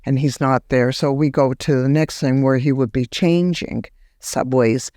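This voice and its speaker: A woman, a guest telling a personal story in an animated, halting way. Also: no echo, studio quality. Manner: animated, acts out remembered words in a higher voice; halting restarts when recounting. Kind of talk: personal storytelling in a podcast interview.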